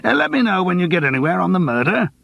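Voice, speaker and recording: Man doing a teasing lawyer friend, gravelly, lively and up-and-down, slightly higher voice, dry close sound. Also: quick pace, no echo, heavily acted. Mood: wry. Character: Gerald, worldly male lawyer, old friend. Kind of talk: audiobook character voice.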